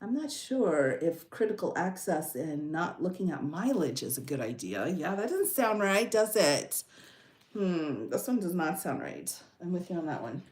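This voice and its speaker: A woman's voice: fairly low pitch, sing-song, moderate pace, a little mellow, reverberant. A woman hosting a casual livestream, reading bills aloud and reacting to them with chatty asides. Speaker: legal commentary host.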